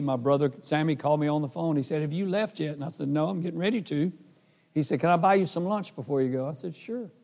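A man's voice: a little high, vocal fry, a little mellow. Earnest man preaching his testimony. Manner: earnest, emotional, acts out dialogue. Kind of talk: sermon testimony storytelling. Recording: hall reverb.

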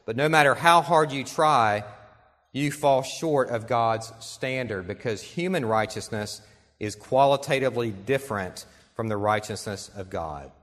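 A male pastor delivering an earnest sermon, reading quotations aloud and slowing down to stress key points. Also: medium pitch, a bit bright. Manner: earnest preaching, reads quotations aloud, slows for emphasis. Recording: long reverb in a large hall.

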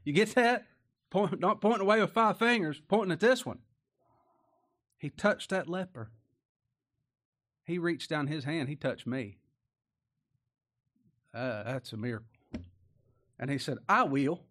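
A man's voice: fairly high pitch, animated, measured pace, long pauses, a bit bright. A male preacher giving a sermon in a folksy, plain-spoken way, driving his points home with repeated rhetorical questions.

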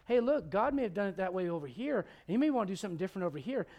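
A man's voice: sits high, sing-song, very fast, darkish tone. A man in his forties preaching a sermon, acting out Bible characters with humor. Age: 40s. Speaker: pastor.

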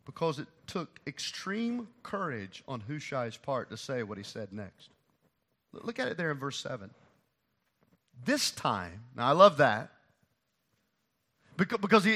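A man preaching a sermon to his church, swinging from loud emphasis to hushed asides. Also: medium pitch. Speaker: pastor.

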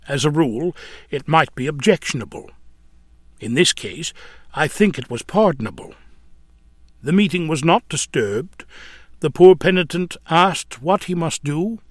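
A man reading a first-person memoir aloud in an earnest, solemn, deliberate storytelling manner. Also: a little high, no room sound, studio quality. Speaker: audiobook reader. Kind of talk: measured storytelling narration of a memoir.

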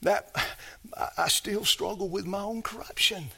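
A man preaching a sermon, moving from loud emphatic phrases to soft, low asides and calling out to the congregation for responses. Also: measured pace, gravelly, breathy edge.

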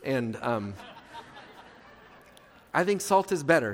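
In a reverberant hall with a little hiss or hum, a pastor preaches earnestly and conversationally, posing rhetorical questions and tossing in playful asides. His voice is on the high side with big pitch swings, unhurried and marked by long pauses.

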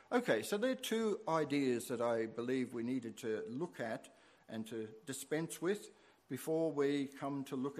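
A middle-aged man preaching a sermon as pastor, with rising emphasis on key words. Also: medium pitch.

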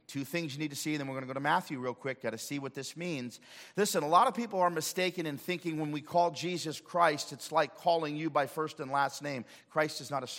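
Dynamic preacher man in a reverberant church. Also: a little high. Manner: dynamic preaching, swings from loud to hushed. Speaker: pastor. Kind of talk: sermon. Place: church sanctuary.

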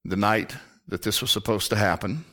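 A man preaching a sermon earnestly, dropping to a hushed voice for emphasis. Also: lowish voice, normal speed. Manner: earnest, drops to a hushed near-whisper for emphasis.

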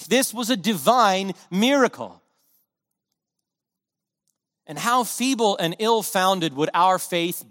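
Man, preacher, high voice, earnest impassioned sermon, emphatic repetition, long hall reverb. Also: fairly bright tone.

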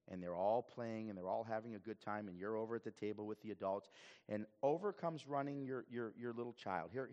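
Animated male pastor preaching. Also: on the low side, in a large hall. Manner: animated, stumbles and repeats words. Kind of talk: sermon.

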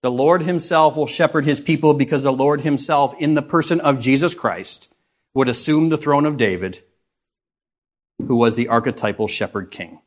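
A man giving a Bible lesson in a middle-pitched voice. He reads passages aloud and pauses to put questions to his listeners, lifting his voice for emphasis and then dropping it low. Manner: expressive teaching with rhetorical questions to the class. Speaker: Bible teacher.

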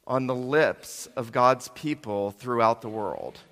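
A man preaches from the pulpit, reading a long scripture passage and then turning to the congregation with questions. His voice sits at an ordinary middle pitch, and he gives the quoted speech dramatic weight, growing louder and then softer. The sound carries the long reverb of a large hall. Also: takes it slowly, few pauses. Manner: dramatic reading, voicing quoted lines with shifts in loudness. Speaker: pastor.

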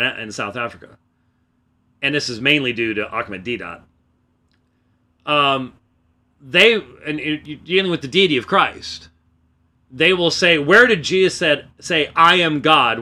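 A man hosting a religious program alone in a small room, talking emphatically and loudly into a close microphone, restarting his sentences. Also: medium pitch. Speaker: host of a religious debate program. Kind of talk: solo spoken commentary. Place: small room, away from the usual studio.

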